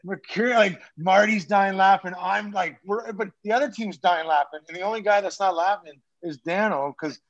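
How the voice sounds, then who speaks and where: A former pro hockey player, guesting on a podcast, tells casual stories in a rambling, profane way full of restarts. His voice is high-pitched and he talks at normal speed with hardly any pauses. The recording sounds dull and lo-fi.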